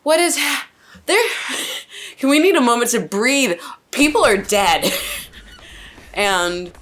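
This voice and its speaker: A woman with a fairly high voice reacts live to an anime, firing off stunned questions and exclamations. She speaks slowly and swears freely as she hosts her reaction. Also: animated, a bit bright.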